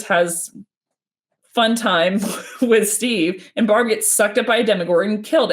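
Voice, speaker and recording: A woman chats as a guest on a casual livestream. She talks in a quick, rambling way and often backs up to restart a sentence. Her voice sits in a middle pitch. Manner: fast, rambling, with many restarts. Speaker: guest speaker.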